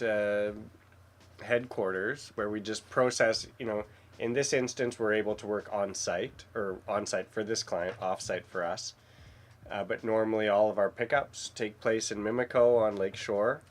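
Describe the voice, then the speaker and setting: Low-voiced man, upbeat. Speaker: co-host of auction livestream. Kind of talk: casual livestream chat.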